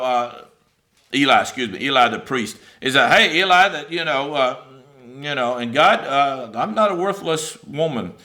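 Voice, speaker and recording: Bright-voiced male preacher, animated. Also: medium pitch. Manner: conversational, animated preaching with many fillers; reads scripture aloud and paraphrases it. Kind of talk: sermon.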